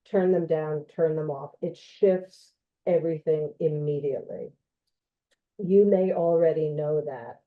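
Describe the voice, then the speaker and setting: A woman with a low voice gives an informal educational talk at an unhurried, gentle pace. She speaks conversationally, with frequent ums and you-knows. Her voice comes through a thin, tinny, phone-like online connection. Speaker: occupational therapist presenting a talk.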